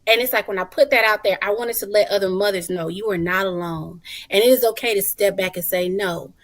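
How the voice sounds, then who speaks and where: A woman in her thirties, a guest on a talk show, telling stories in a lively, colloquial and expressive way. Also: medium pitch, fast. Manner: animated, expressive storyteller, colloquial. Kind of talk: casual talk-show chat.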